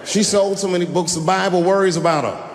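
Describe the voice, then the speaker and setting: A male stand-up comedian telling stories live, animated and leaping into high shouted punchlines. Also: quick pace. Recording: live hall with long reverb, faint noise.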